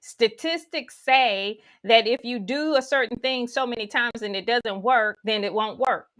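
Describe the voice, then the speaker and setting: A woman's voice: fairly high pitch, measured pace, a bit bright. A woman giving a spiritual teaching talk, guiding listeners through imagery with folksy asides.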